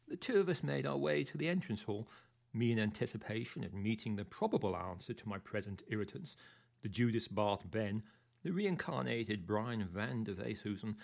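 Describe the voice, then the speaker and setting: A man's voice: fairly low pitch, gravelly. A man narrating a first-person audiobook story in a theatrical, arch manner, savouring his words.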